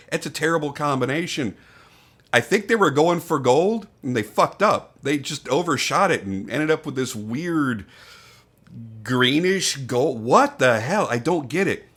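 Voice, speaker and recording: A man's voice: medium pitch, a bit bright. An older man casually reviewing a knife, talking off the cuff with frank opinions, swearing and restarts. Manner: candid, swears, thinks aloud with restarts.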